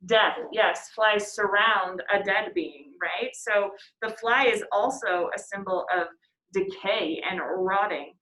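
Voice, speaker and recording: Woman teacher, chatty, reads poem lines aloud, roomy echo, mid pitch. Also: takes it slowly, pushed and bright. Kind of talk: classroom poetry discussion.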